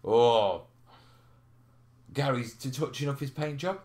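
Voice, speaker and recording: A man's voice: medium pitch, slow pace, darkish tone. A man hosting a live question stream, chatting casually, laughing and reading out viewer comments. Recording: roomy echo.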